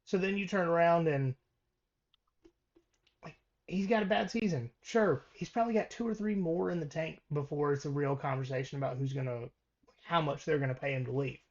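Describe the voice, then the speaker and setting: On a casual sports podcast, a co-host with a slightly high, somewhat mellow voice reads coaching records at normal speed. He keeps pausing with ums and restarting, and the audio is dull and lo-fi.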